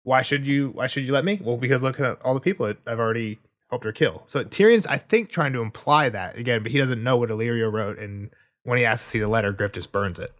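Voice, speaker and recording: A man's voice: mid-range voice, fast. A man co-hosting a podcast, chatting casually about a book and acting out characters' lines as he goes. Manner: animated, acts out lines of characters mid-sentence. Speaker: podcast co-host.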